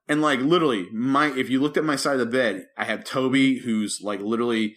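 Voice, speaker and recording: A man co-hosting a podcast, telling a story in casual chat and loudly acting out what people said. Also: mid-range voice, brisk. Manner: animated storyteller, acts out quotes loudly. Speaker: podcast co-host.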